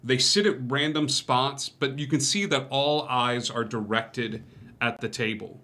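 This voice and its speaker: Game master, male, bright tone, halting casual narration. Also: mid-range voice. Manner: hesitant, many fillers and laughs.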